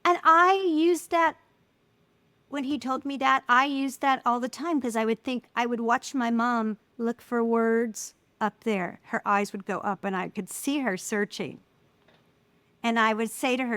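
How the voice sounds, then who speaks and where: A middle-aged woman speaking as an interview guest, telling personal stories in an animated way and acting out the voices of people she quotes. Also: on the high side, a little slow, dry recording. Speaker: guest, filmmaker. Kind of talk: casual interview conversation.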